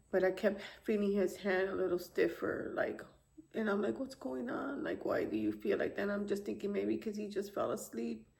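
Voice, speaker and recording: Grieving gravelly-voiced mother, soft and halting. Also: mid-range voice. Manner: soft, halting, tearful retelling with quiet pauses. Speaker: grieving mother telling her story. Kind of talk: emotional personal testimony to camera.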